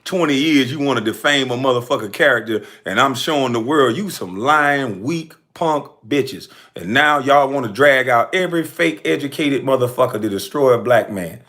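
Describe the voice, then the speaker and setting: A man at mid pitch ranting to camera in a heated, profane voice. He speaks in a confrontational way and swears constantly. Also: a bit bright. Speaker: commentator answering critics. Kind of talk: angry direct-to-camera rant.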